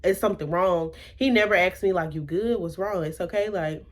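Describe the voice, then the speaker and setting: Vlogging casually, a young Southern American woman recounts a dramatic episode from her life, quoting what people said and asking plenty of rhetorical questions. She talks a little fast in a fairly low voice.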